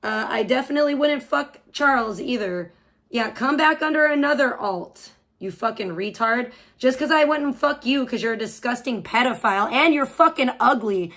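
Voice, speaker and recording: A woman's voice: on the high side, expressive, moderate pace, fairly bright tone. A woman live streamer ranting crudely, hurling insults and rambling on. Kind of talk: profane livestream rant.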